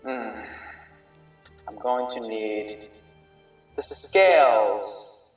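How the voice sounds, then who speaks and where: A man's voice: lowish voice, very slow. A man voicing a shrewd, formal male merchant alchemist who speaks in stilted, hesitant phrases. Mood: formal bargaining. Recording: roomy sound, distant mic, faint music.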